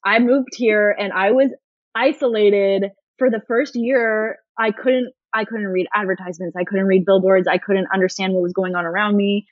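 Young woman, podcast guest, chatty, animated, laughs often, dry sound. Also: mid-range voice, moderate pace, no echo, lo-fi sound. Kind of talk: casual podcast conversation.

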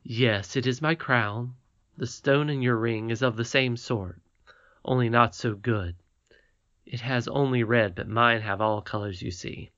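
A man voicing a wise, gentle, mysterious old grandmother queen in an audiobook, calm, measured and tender. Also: mid-range voice, lo-fi sound, close to an everyday voice. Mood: gently knowing. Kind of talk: audiobook character reading.

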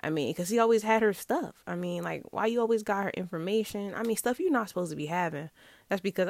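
A young woman telling a personal story in casual chat, animated, laughing often and acting out what people said. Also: lowish voice, brisk, gravelly, dry recording.

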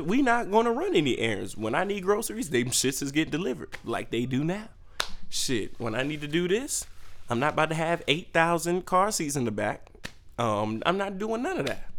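A young man hosting a podcast, ranting in a profane, animated way with sudden jumps in pitch. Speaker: podcast host. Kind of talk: solo comedic rant.

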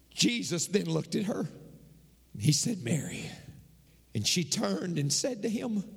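A man's voice: high voice, vocal fry, husky, long reverb tail. A man preaching a sermon, acting out scripture dialogue with rising fervor. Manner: dramatic, acts out scripture dialogue, rising to fervent climax.

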